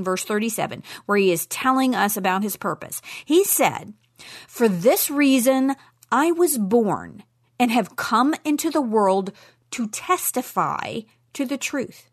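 Animated woman teaching the Bible. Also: mid-range voice, slow. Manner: animated, emphatic, with playful asides. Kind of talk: teaching talk on Scripture.

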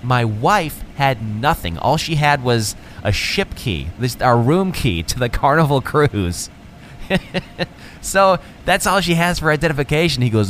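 A man's voice: mid-range voice, lively intonation, normal speed, a bit bright, a little hiss or hum. A man in his thirties from Wisconsin, a chatty, jokey podcast host telling stories. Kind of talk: casual monologue.

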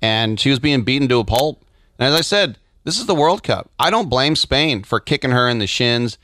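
A man's voice: mid-range voice, fairly quick, bright, forceful tone, no echo, studio quality. A man talking soccer as an analyst, telling anecdotes with wry humor. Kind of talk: casual sports talk.

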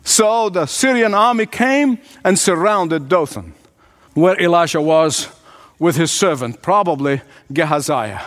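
High-voiced man preaching a sermon. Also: expressive, measured pace, fairly bright tone. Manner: earnest, emphatic, often addresses listeners directly.

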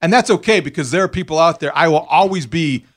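Give me an emphatic male sports talk host with a slightly high voice. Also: fast. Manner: earnest, emphatic, laughs easily. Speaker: sports radio host, former college football player. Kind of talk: sports talk show banter.

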